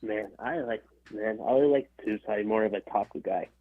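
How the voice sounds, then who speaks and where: A man from California calling into a show, speaking in a hesitant, halting way and repeating himself. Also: on the low side, no echo. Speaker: caller. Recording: phone line.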